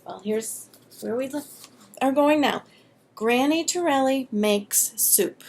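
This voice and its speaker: Woman storybook reader, friendly and direct, slow delivery, somewhat high voice. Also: lively intonation. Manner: friendly, addresses listeners directly. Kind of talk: reading a children's book aloud.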